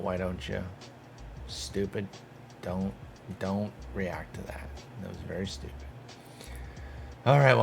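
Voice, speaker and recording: A young man giving casual gameplay commentary, talking to himself and the game with exasperated, profane bursts of mock outrage. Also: on the low side. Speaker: gaming streamer.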